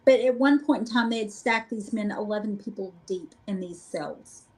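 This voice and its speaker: A middle-aged woman guest, telling lively, joking stories about a paranormal investigation in a casual chat. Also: mid-range voice, normal speed, poor audio. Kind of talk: casual storytelling.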